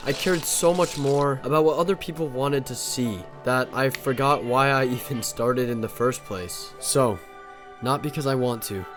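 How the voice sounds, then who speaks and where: A man's voice: mid-range voice, moderate pace. A young man narrating his vlog in a casual, slangy way, talking straight to his viewers. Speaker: vlogger. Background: music.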